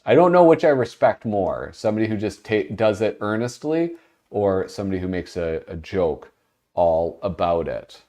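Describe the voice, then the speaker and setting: A lowish, slightly mellow voice with lively intonation belongs to a man hosting a casual livestream at an unhurried pace. He rambles with viewers, keeps interrupting himself, and laughs mid-sentence.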